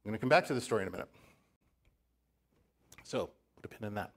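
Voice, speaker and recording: A man pastor giving a sermon, telling a story in a relaxed, conversational way with asides to the congregation. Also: fairly low pitch, fast, vocal fry. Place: church.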